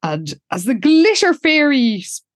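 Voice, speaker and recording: A woman's voice: sits high, big pitch swings, measured pace, no echo, clean studio sound. A woman co-hosting a podcast, retelling a show episode in casual chat with lots of laughter and quoted lines. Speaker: podcast co-host.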